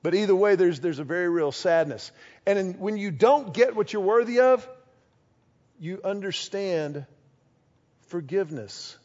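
A man preaching a sermon, lively and conversational, acting out short quoted exchanges as he goes. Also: sits high, unhurried, long pauses, dull audio. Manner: animated, acts out little quoted exchanges. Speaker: pastor.

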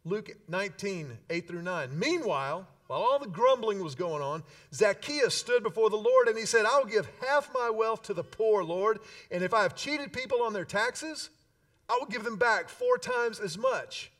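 A man preaching a sermon as pastor, emphatic and energetic, with playful asides to the congregation. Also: high voice, normal speed, recorded from a distance.

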